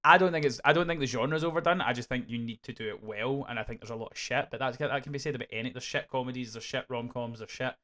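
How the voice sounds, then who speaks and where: A Scottish man co-hosting a podcast, reviewing a film in casual, animated chat full of swearing and restarts. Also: medium pitch, quick pace, few pauses. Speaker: podcast co-host.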